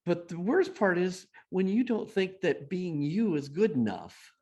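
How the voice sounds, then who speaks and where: An unhurried middle-aged man with a voice that sits high tells a personal story as a guest speaker. Animated and self-deprecating, he puts on the voices of the people he quotes.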